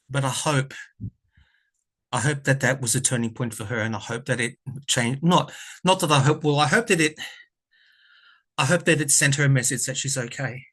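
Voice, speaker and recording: A man's voice: mid-range voice, fairly bright tone. Earnest rambling man. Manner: rambling, self-correcting, earnest and emotional. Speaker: tarot reader and vlogger. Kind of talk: casual storytelling to camera.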